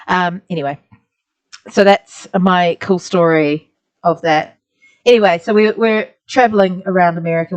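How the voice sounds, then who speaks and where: A woman's voice: fairly low pitch, darkish tone. Chatty New Zealand woman art teacher. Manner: chatty, rambling, many "like" fillers. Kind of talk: casual storytelling while drawing.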